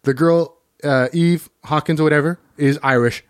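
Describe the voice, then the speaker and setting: A man co-hosting a casual movie review chat, talkative and quick to laugh. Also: on the high side, steady tone, no room sound, clean studio sound. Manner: chatty, laughs often, uses dude. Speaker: podcast co-host.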